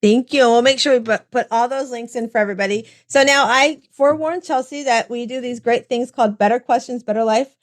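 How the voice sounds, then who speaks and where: A woman hosts a casual interview with an encouraging, chatty manner. Her voice sits a little high. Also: brisk, hardly any pauses. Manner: warm, encouraging, talks with like and you know. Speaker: podcast host.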